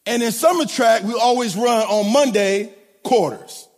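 A middle-aged man preaches with a strikingly high voice, his lines rising and falling in a sing-song cadence. He stumbles and repeats words as he goes. His voice rings out with a long reverb, as in a large hall. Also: unhurried. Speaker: preacher and track coach. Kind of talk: sermon.

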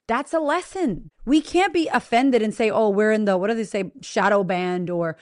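A woman with a slightly high voice delivers a blunt, swear-heavy pep talk as a podcast host. She is energetic and emphatic and addresses listeners directly. The recording sounds close and dry, with no room around it. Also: normal speed, few pauses, no echo. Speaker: podcast host and business coach. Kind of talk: casual motivational monologue.

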